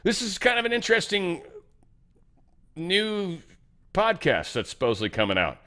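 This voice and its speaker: Rambling male host with a lively voice. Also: sits high, moderate pace. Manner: rambling and informal, with many fillers and asides. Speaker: podcast host. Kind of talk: casual commentary.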